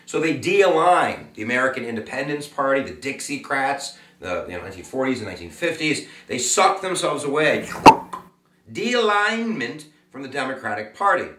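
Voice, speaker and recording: A man's voice: mid-range voice, sing-song, moderate pace, echoey room, recorded from a distance, noisy background. A man giving a casual, jokey classroom lecture with plenty of fillers. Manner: chatty, jokey, full of fillers. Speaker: teacher.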